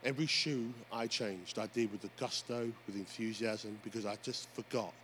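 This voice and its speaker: A man preaching a sermon as pastor, telling stories with lively energy and calling out to the congregation. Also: on the low side, normal speed. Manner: animated storytelling preacher, often addressing "folks". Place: church. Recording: faint background noise.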